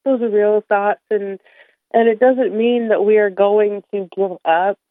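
A woman's voice: medium pitch, steady tone, a little slow, no echo. A woman guest on a radio show, speaking candidly and with emotion, holding back tears. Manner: emotional, candid, warm with light laughter. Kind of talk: radio interview. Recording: tinny phone line.

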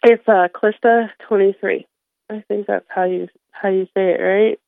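Female radio guest, mid-pitched, emotional and candid, dry tinny phone audio. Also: fairly even intonation, moderate pace, vocal fry, no echo. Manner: emotional, candid, warm with light laughter. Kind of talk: radio interview.

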